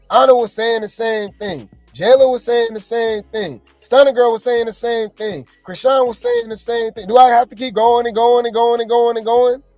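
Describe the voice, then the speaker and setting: A man doing reality TV gossip commentary, animated and exasperated, talking straight to his viewers. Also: extremely high pitch, no room sound.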